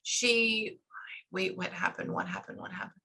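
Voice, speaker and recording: A woman, working as a medium in a casual session, relaying messages in quick chatty bursts. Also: medium pitch, big pitch swings, sharp tone, husky, rough recording. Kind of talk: casual reading session with clients.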